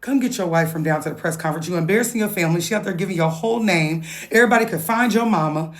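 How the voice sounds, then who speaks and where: A woman talking through a viral news story in a playful, animated gossip style, with exclamations and laughter. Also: lowish voice, very fast, few pauses. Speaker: vlogger. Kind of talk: casual gossip commentary.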